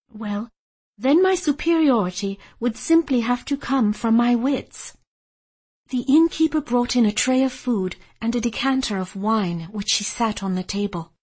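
A woman reading a first-person historical novel aloud in a measured, steady way. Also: on the high side, husky. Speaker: audiobook narrator. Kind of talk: first-person storytelling narration.

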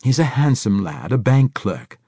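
A man's voice: mid-range voice, huge pitch swings, unhurried, darkish tone, slightly rough, no echo, studio quality, pitched above the performer's own voice, heavily acted. A man reading a novel aloud and voicing a fussy, stammering old bachelor with rattling false teeth, in a fluttery, pleading way.

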